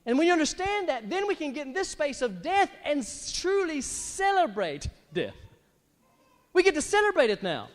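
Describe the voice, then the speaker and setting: High-voiced, animated preacher in a reverberant hall. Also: male voice, moderate pace. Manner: animated, bursts into exaggerated laughs. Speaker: pastor. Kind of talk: sermon. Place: church hall. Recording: long church hall reverb.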